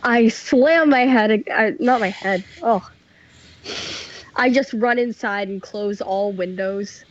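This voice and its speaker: A woman's voice: mid-range voice, a little slow, few pauses, muffled recording. A woman playing her character in a tabletop horror game, earnestly describing her actions. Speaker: player.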